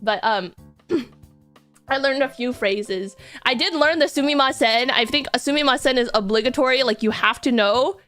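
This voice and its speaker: A woman's voice: high-pitched, moderate pace, a bit bright. A young woman streaming, chatting casually in a rambling, giggly, self-deprecating way. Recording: faint music behind.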